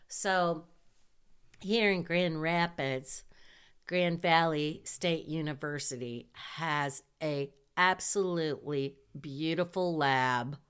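A middle-aged woman recounts a story from her school days in an unhurried, easy way. Her voice is smooth and clear and sits a little low, and she laughs often while acting out what she said back then. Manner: animated, laughs while telling, acts out her own quotes. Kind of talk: casual personal storytelling.

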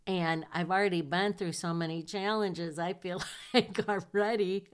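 A woman's voice: fairly low pitch, measured pace, clean tone. An older woman from Michigan recounting her time in the Navy, acting out past conversations with laughter. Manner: animated, acts out past dialogue with laughs. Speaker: Navy veteran telling her story. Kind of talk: personal storytelling.

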